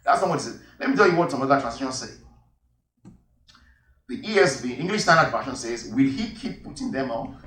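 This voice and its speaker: A man's voice: medium pitch, animated, a little fast, long pauses, a bit bright. A man preaching a sermon and reading Bible verses, emphatic and repeating key phrases. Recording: echoey hall, voice from far off.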